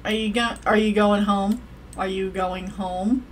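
A young woman giving casual, profane commentary while playing a life-sim game, yelling at the characters and rambling. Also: medium pitch, fairly even intonation, unhurried. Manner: rambling, self-interrupting.

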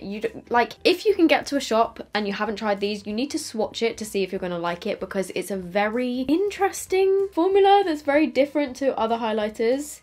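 Young woman, makeup vlogger, casual self-mocking chatter, drifts off mid-sentence while applying. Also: mid-range voice. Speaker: beauty vlogger. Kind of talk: casual makeup tutorial chat.

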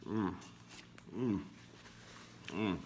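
A man, hoarse from a cold, chatting enthusiastically to viewers in a casual cooking vlog. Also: lowish voice, extremely slow, darkish tone, slight background noise. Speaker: cooking vlogger. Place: backyard grill and home kitchen.

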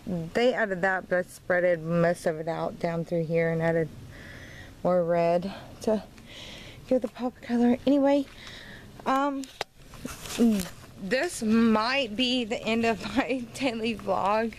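A woman's voice: mid-range voice, slow pace, pauses often, poor audio. Woman, casual vlog, tipsy and slurred, rambling, frustrated, handheld camera outdoors, faint background noise. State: tipsy, slightly slurred from wine. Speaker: vlogger. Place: at home and outdoors in her yard.

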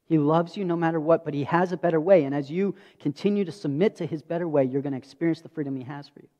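A man's voice: a little high, fast talker, warm tone. A pastor in his thirties preaching a sermon, telling stories earnestly and acting out dialogue. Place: church sanctuary. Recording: dull audio with long hall reverb.

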